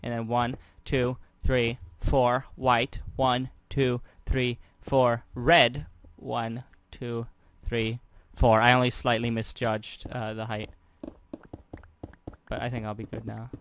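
A man's voice: mid-range voice, flat delivery, slow, clear, resonant tone, no room sound. A young man giving casual gameplay commentary as a YouTuber, rambling and joking, talking to himself and counting aloud. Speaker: gaming YouTuber.

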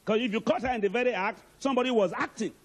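A man's voice: very high-pitched, rapid-fire. A male archbishop preaching a sermon emphatically and calling out to the congregation.

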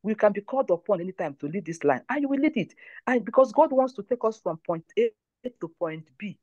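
A woman's voice: mid-range voice, sing-song, a little fast, darkish tone, no room sound, lo-fi sound. A woman leads a prayer line, giving testimony and exhortation in an emphatic, repetitive way. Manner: emphatic, repeats phrases.

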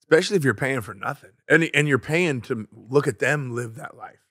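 A man co-hosting a podcast in a mid-pitched voice, recorded close and completely dry. He talks bluntly and swears freely. He tells stories with animated energy. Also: fairly quick, husky, dry recording. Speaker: podcast co-host. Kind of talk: casual chat. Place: podcast studio.

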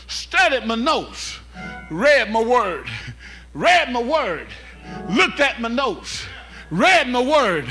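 High, bright-voiced preaching man. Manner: fervent call-and-response preaching, rising to shouts. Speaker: pastor. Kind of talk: sermon. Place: church sanctuary. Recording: live church service with organ music behind.

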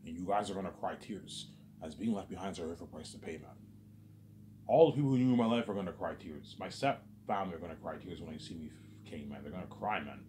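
A man's voice: low-pitched, fast, background noise. A man delivering a rambling, agitated vlog monologue, repeating "obviously" and "man" and swearing often. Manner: repetitive, peppers speech with "obviously" and "man". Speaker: vlogger.

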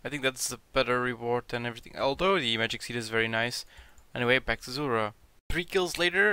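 A young man who is sick, commenting casually over his gameplay, reading out loot drops and swearing when he gets excited. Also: medium pitch, clear, resonant tone. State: sick, sounding a bit off. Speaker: gaming video creator.

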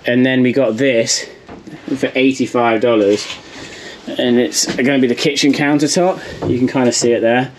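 A man's voice: medium pitch, fairly even intonation, normal speed, a little hiss or hum. An English man narrating a casual vlog as he works, chatty and full of ums and likes. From England. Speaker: vlogger.

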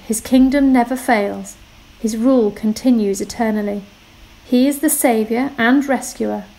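A woman's voice: a little high, dark tone, low-quality recording. A woman reading as an anxious regal king.

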